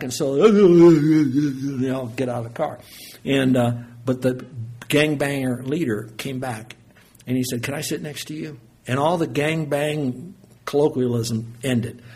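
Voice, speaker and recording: A middle-aged man preaching a sermon, telling stories in a folksy, animated way that swings from loud to soft. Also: mid-range voice, normal speed, slightly rough. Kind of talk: sermon with storytelling.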